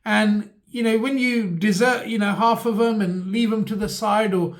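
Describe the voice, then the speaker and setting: A man's voice: sits high, steady tone, normal speed. A man, talking to camera in a rambling, mock-earnest comic monologue with many fillers. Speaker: vlogger.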